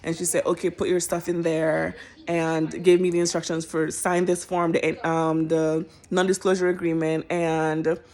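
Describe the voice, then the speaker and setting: A woman, a social worker, telling a personal story in an animated, expressive way. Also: sits low, normal speed.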